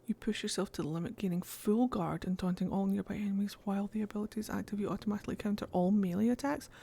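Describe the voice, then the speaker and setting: A woman's voice: medium pitch, quick pace, vocal fry, mellow, slightly rough. Chatty woman streamer greeting viewers. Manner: chatty, greets viewers and reads game text aloud. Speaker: game streamer. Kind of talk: casual live-stream chat.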